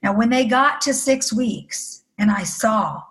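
A woman's voice: fairly high pitch, takes it slowly, fairly bright tone, poor audio. Earnest middle-aged woman telling a story. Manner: earnest, emotional, acting out the people she quotes. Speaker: interview guest. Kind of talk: personal storytelling in an interview.

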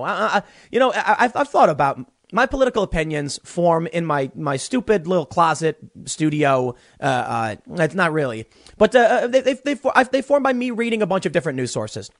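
A man's voice: fairly high pitch, a bit bright, dry recording. A young man hosting a political commentary show from a small closet studio, ranting animatedly and stammering through repeated words. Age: young adult.

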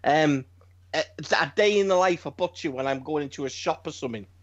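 A middle-aged man, telling animated stories on a podcast and swearing constantly. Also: fairly high pitch, fairly quick. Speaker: podcast co-host. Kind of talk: casual storytelling chat. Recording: slightly dull lo-fi sound.

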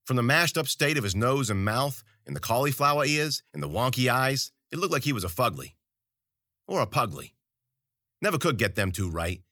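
A man's voice: medium pitch, big pitch swings, moderate pace, bright, forceful tone, dry recording, studio quality. A man narrating a story in first person, with wry, colloquial and profane delivery. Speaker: audiobook narrator.

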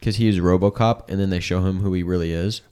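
A laid-back young man with a low voice chatting on a podcast. He explains things in a loose, rambling way. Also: steady tone, fast talker, dark tone, smooth. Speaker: podcast co-host. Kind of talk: casual chat.

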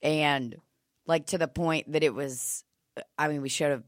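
Low-voiced wry woman co-host. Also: steady tone, a little slow, dry recording, clean studio sound. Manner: wry, offhand, profane. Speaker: comedy podcast co-host. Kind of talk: casual comedy banter.

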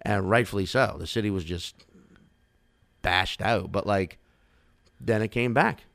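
A man's voice: on the low side, measured pace, gravelly, fairly bright tone, no echo. A man from the New Orleans area in his thirties, a comedian rambling and swearing in casual podcast chat. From New Orleans area, Louisiana. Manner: rambling, profane, laid-back.

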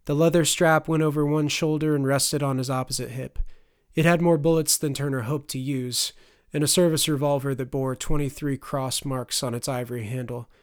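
A man narrating a fantasy audiobook in a steady, expressive storytelling manner. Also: mid-range voice, moderate pace, clear, resonant tone, dry recording, clean studio sound.

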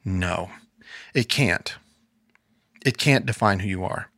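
A man's voice: low-pitched, takes it slowly, fairly bright tone, dry recording, clean studio sound. A man co-hosting a casual faith podcast, talking earnestly and quoting scripture in a preacherly way. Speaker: podcast co-host. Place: podcast studio.

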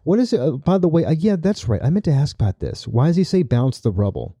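A man's voice: a little high, sing-song, quick pace, dark tone, slightly rough, dry recording, studio quality. A man hosting a podcast, casually recapping a story and often checking in with "right?". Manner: chatty, tags lines with "right?". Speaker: podcast host.

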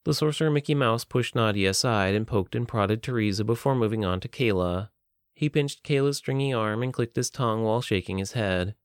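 Clear-voiced male audiobook narrator. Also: fairly low pitch, a little fast, no echo, studio quality.

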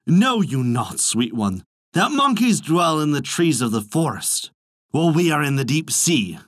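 A man's voice: on the high side, sing-song, unhurried, no room sound, pitched above the performer's own voice. A regal old-fashioned dragon king of the sea, as a male storyteller voices him, speaking with a pleading, commanding storybook grandeur. His tone swings widely, recorded close and dry. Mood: distraught.

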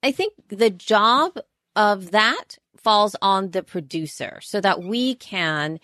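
A woman's voice: mid-range voice, lively intonation, slow pace, sharp tone, no echo, studio quality. A woman co-hosting a podcast in casual chat, talking at length with frequent restarts. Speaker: podcast co-host.

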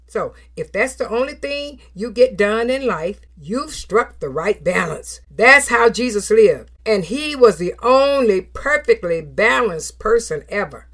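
Animated woman preacher delivering a sermon. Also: medium pitch, slightly rough. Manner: emphatic, animated, with numbered points and scripture quotes; affirming hums and soft laughs between phrases.

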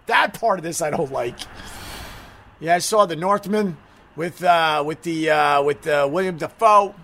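A man's voice: a little high, sing-song, unhurried, pauses often, a bit bright, slight background noise. A middle-aged man chatting casually on a live stream, rambling, mocking himself and swearing freely.

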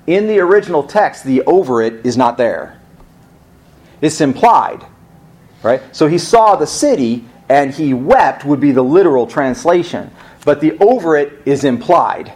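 A man's voice: medium pitch, a little mellow. A male pastor preaching a sermon in a conversational way, asking rhetorical questions and rising for emphasis.

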